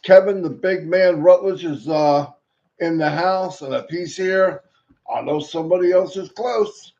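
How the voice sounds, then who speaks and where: Guy hosting a live stream, slow easy shout-outs, playful little rhymes, dull lo-fi audio. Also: high-pitched. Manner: playful, rhyming, sing-song call-outs. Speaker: host greeting viewers.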